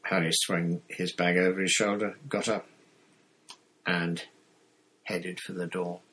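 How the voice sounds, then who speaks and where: Husky low-voiced male storybook reader. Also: takes it slowly, rough recording. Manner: steady reading with occasional slips. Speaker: audiobook reader. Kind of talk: storybook narration.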